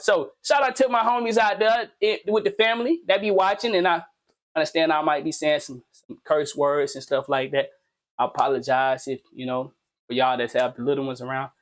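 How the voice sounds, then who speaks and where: A man's voice: a little high, fairly even intonation, fairly quick. A man hosting his own commentary video, talking casually and animatedly in slang, repeating himself and firing off pointed questions. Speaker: commentary channel host.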